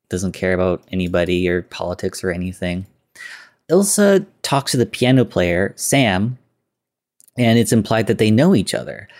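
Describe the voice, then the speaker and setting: A man hosting a podcast, loosely retelling a classic film with lots of filler words and quoted lines. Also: low voice. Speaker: podcast host. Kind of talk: casual film recap.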